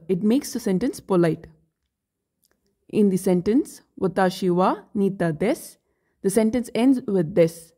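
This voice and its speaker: Slow, mellow-voiced woman teaching. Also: medium pitch. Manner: slow, careful explanations with example phrases. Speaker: Japanese language teacher. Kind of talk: scripted language lesson.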